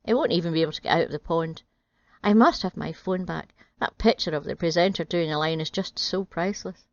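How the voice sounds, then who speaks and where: A woman's voice: lowish voice, brisk, dry recording, highs cut off, natural voice. A woman voicing a spoiled young princess in a storybook parody, speaking in a haughty, scornful way.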